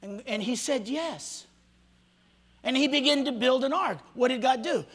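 A male pastor delivers a sermon with a high, bright, somewhat husky voice. He rises to shouts, then drops to a hush, and he acts out the voices of people he quotes. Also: brisk. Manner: swings from shouting to hushed, dramatic quoting of voices. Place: church hall before a congregation.

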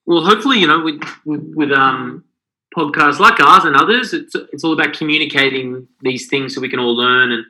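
A man's voice: on the high side, brisk, sharp tone, rough recording. A man co-hosting a podcast, talking in a rambling, earnest way with many fillers. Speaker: podcast co-host. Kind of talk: casual podcast chat.

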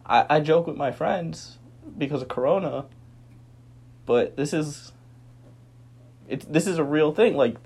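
A man's voice: a little high, vocal fry, darkish tone. A young man speaking a personal monologue, earnest and weary, sometimes heated.

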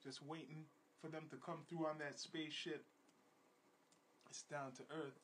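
A man hosting a podcast in casual chat, with laid-back slang and repeated shout-outs to his listeners. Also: on the high side, level tone, moderate pace, slight background noise. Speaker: podcast host.

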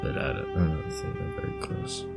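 A man's voice: very deep voice, huge pitch swings, normal speed, creaky, music in the background. Playful man hosting a podcast. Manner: playful, rambling, jokey. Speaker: podcast host. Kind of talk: casual podcast chat.

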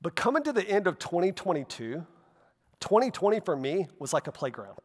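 Male pastor, chatty sermon delivery, slightly higher voice, long reverb from a big hall. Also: sing-song, fairly quick. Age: adult, walked with faith over half his life. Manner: conversational preaching with asides and tag questions.

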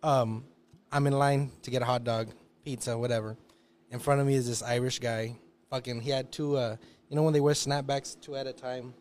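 A man's voice: mid-range voice, steady tone, fairly quick, darkish tone, a little hiss or hum. A man on a podcast telling a rambling, profane story, laughing often and raising his voice for quoted people. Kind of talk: casual podcast chat. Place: podcast studio.

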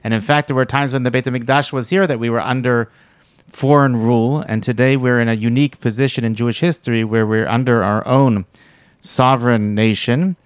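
A man's voice: medium pitch, steady tone, fairly quick, clear, resonant tone, dry recording, studio quality. A man interviewing a rabbi, thinking aloud in a hesitant, thoughtful way. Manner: thoughtful, hesitant, many restarts. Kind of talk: conversational interview.

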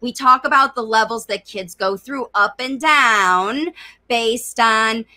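A woman hosts a conversational interview, her voice bright and sharp. She talks energetically, laying out ideas in long, flowing stretches. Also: fairly high pitch, slow. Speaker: host.

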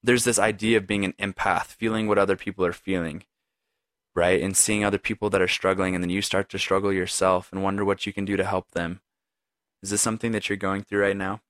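This solo podcast has a deep-voiced man reflecting aloud, briskly and with little pitch movement, his tone a bit bright. He speaks earnestly and directly to the listener in a conversational way, frequently saying "right?" and "like." The recording is dry and studio quality.

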